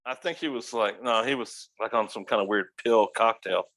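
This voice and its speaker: Animated, profane male storyteller. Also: fairly low pitch, moderate pace. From United States. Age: middle-aged. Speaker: podcast guest, restaurant owner. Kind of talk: casual storytelling.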